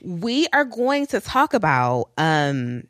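A woman in her thirties co-hosting a podcast in casual chat, talking in quick bursts and laughing often. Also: lowish voice, big pitch swings, no room sound, clean studio sound. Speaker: podcast co-host.

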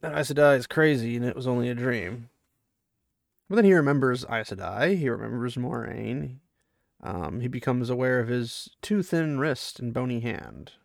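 A book reader gives a dramatic rendition of a fantasy chapter, his intensity climbing through the fight scenes, then turns to lively, casual commentary with fans. He speaks at a normal speed in a mid-range voice with vocal fry, and the clean studio recording has no room sound.

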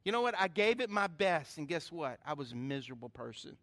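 High-voiced, bright preaching pastor. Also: male voice, brisk. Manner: animated storytelling, questions to the congregation. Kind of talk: sermon.

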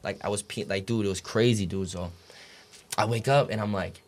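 A young adult man, a podcast guest, tells his story casually and ramblingly, swearing freely and filling his talk with "like" and "dude". His voice is on the low side, steady in tone and a little fast.

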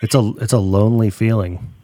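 Low-voiced man asking gentle questions. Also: steady tone, brisk, dry recording. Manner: sympathetic, musing. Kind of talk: interview conversation.

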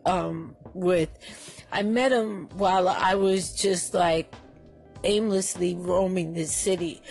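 A woman guest on a podcast, telling stories in an animated, chatty way and swearing freely. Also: fairly low pitch. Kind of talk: casual storytelling.

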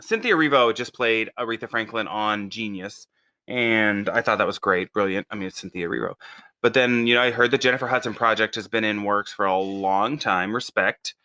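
A man co-hosting a podcast in casual chat, an animated storyteller who swings his voice up when quoting people. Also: on the low side, a little fast. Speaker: podcast co-host.

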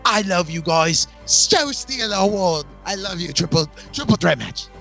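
High bright-voiced playful man host. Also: animated, normal speed, vocal fry, faint music behind. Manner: playful, exaggerated, swearing. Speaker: podcast host giving awards. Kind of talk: casual chat.

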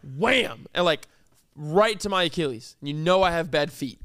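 A man's voice: fairly high pitch, animated, moderate pace. A man co-hosting a podcast, telling a story in casual chat and acting out the quotes with big swings in his voice. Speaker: podcast co-host. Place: podcast studio.

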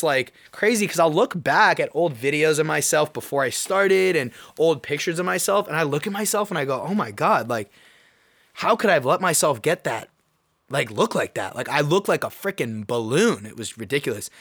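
A young man hosting his own podcast, telling a personal story in an animated, excitable way. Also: on the high side. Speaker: podcast host. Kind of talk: casual solo podcast monologue.

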